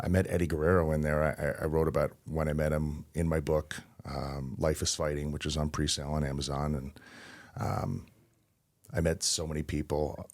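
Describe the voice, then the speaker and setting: A man in his thirties, a wrestler and interview guest, telling stories in a relaxed, anecdotal way with laughs between lines. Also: extremely low pitch. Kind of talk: casual interview storytelling.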